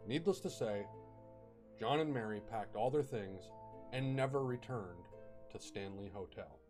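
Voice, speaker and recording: A man's voice: fairly low pitch, measured pace, darkish tone, soft background music. A man casually telling a ghost story, chatty, with fillers and bursts of dramatic emphasis.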